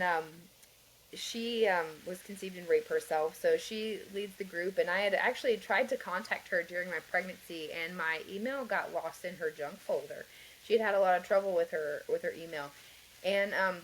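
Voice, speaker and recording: A woman's voice: lowish voice, a little hiss or hum, poor audio. A woman guest on a podcast, earnestly telling her personal story in a rambling way, with many fillers and light laughs. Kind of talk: conversational interview, personal story.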